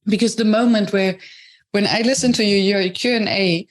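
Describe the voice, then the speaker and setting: A woman's voice: medium pitch, fairly even intonation, fairly quick. A woman hosting a podcast, laying out her thoughts step by step in a conversational way. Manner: thoughtful, builds ideas step by step. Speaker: podcast host. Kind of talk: conversational interview.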